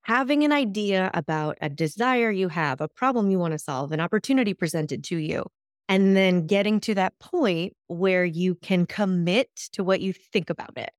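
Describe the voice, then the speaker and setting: A woman hosting a solo self-help podcast, talking in a lively coaching tone. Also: lowish voice, moderate pace, no echo, clean studio sound. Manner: lively coaching tone, acts out imagined reactions. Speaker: podcast host.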